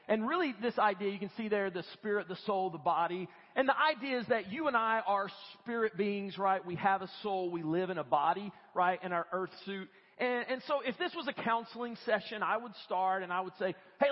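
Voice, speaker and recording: A man preaching a lively, conversational sermon in a church and acting out what people say. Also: sits high. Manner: animated, conversational, acts out quoted voices. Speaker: guest preacher. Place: church sanctuary. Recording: dull lo-fi audio with long church reverb.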